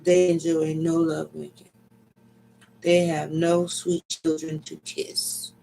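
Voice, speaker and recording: A man giving a slow, dramatic reading of an ancient myth, with deliberate pacing and sudden loud cries. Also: a little high, level tone, creaky, a little hiss or hum, poor audio.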